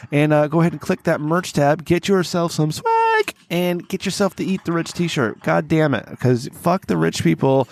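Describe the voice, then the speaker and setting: A man's voice: on the high side, dry recording. A man in his thirties hosting a rowdy drinking podcast, rambling and swearing freely between plugs. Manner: profane, rambling, loud and combative. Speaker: podcast host.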